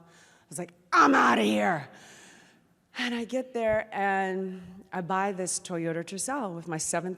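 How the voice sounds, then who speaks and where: A middle-aged woman from New Orleans telling an animated personal story in an excitable, chatty way. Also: fairly low pitch. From New Orleans, USA. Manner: excitable, chatty, acts out her own past talk. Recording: long hall reverb.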